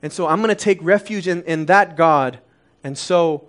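A man's voice: a little high, normal speed. A man in his thirties, originally from Korea, preaching a conversational sermon full of rhetorical questions. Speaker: pastor.

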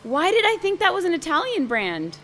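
A woman's voice: very high voice, huge pitch swings, brisk, a bit bright, slight background noise. Playful, curious woman hosting a video. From United States. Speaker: video host. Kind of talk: casual chat. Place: busy conference venue.

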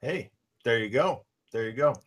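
A man co-hosting a casual podcast, with an average-pitched voice. He rambles along in a relaxed way and leans on fillers between thoughts. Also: moderate pace. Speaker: podcast co-host. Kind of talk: casual chat. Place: Michigan.

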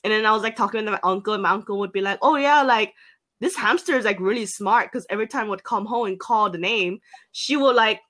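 A young woman telling a casual story on a podcast, filling pauses with "like" and acting out her own past lines. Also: medium pitch, fairly bright tone. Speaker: podcast co-host.

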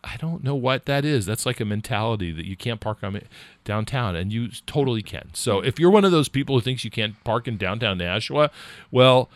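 A man's voice: mid-range voice, animated, brisk, no room sound. A man hosting a local radio talk show, chatty and joking, interviewing a guest in the studio.

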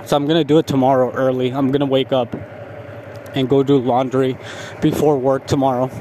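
Young dude rambling a story, swears a lot, laughs at himself, faint traffic noise. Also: male voice, mid-range voice, little pitch movement, brisk, mellow. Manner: rambling, profane, self-mocking, laughs at himself. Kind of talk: casual storytelling vlog.

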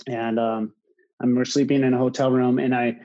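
A man's voice: medium pitch, highs cut off. A man in his thirties, a college sports coach, telling a personal story to a live audience with many fillers and restarts. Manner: halting, many fillers and restarts, grows animated. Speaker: college water polo coach.

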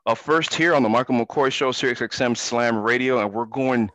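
A man's voice: mid-range voice, moderate pace, a bit bright, faint music behind. A man hosting a sports talk radio show, talking emphatically and ranting about basketball.

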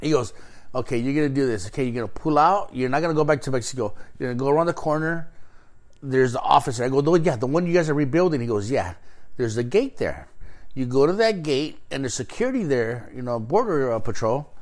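Here a fast-talking man with a medium-pitched voice casually tells a long tale in a chat. He curses liberally and, with lots of animation, plays out both roles in the dialogue he quotes.

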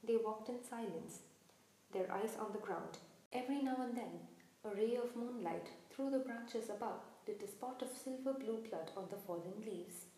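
A woman reading a storybook aloud in calm, measured narration. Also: a little high. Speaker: audiobook reader. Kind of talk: scripted narration. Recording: very echoey room.

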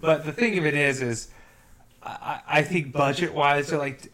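A man's voice: a little high, measured pace, a bit bright. A man co-hosting a podcast in casual chat, rambling and restarting his sentences, with wry asides. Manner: rambling, self-interrupting, wry. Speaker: podcast co-host.

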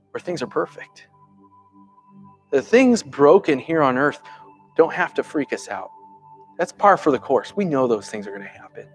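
Male pastor, sermon, higher-pitched voice, chatty delivery, loud-then-hushed swings, faint music behind. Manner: conversational preaching, swinging from lively emphasis to hushed, soft asides.

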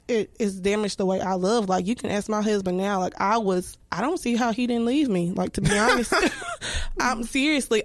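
A woman's voice: medium pitch, no room sound. A woman in her thirties speaking candidly and reflectively as a podcast guest, full of restarts and filler words. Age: 30s.

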